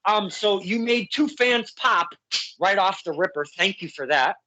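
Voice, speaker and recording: A man hosting a casual interview, excitable and quick to laugh. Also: high-pitched, rough recording. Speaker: interview host.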